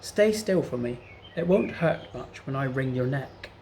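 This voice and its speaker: Menacing growling henchman, gravelly storybook villain, read by a man. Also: medium pitch, lively intonation, measured pace, darkish tone, slight background noise. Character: brutish male pirate henchman, menacing.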